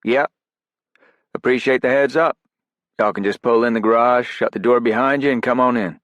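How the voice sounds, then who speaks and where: A man voicing a clean-cut Southern operator who answers in brisk, drawling phrases, in an audiobook. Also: medium pitch, fairly even intonation, a bit bright, dry recording, pitched above the performer's own voice, close to an everyday voice. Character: Southern, clean-cut young male special ops operator.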